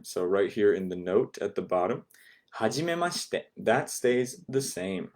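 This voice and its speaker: A man's voice: on the low side, a little mellow. A man teaching an online Japanese class, patiently repeating words and checking in with "okay?" after each point.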